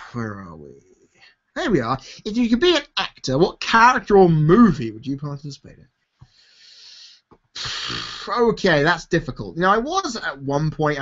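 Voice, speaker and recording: A young man answers viewer questions on a live stream. He talks in an open, rambling way from a chair at home. His voice sits somewhat high, and the lo-fi audio sounds dull. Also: a bit bright. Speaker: YouTuber host. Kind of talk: live Q&A chat.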